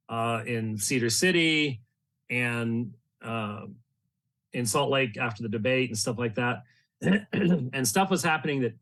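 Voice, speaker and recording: A man in the middle of the usual pitch range, speaking casually as a ministry host. He rambles through fond anecdotes about old friends and lets out small chuckles between the stories. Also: fairly bright tone. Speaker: ministry leader and podcast host. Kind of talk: casual reminiscing monologue.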